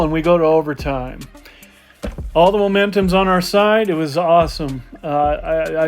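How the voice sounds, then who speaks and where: A man telling a casual, animated story about a football game he watched from the stands. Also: a little high. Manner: excited, animated game recap with laughs. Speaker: football fan.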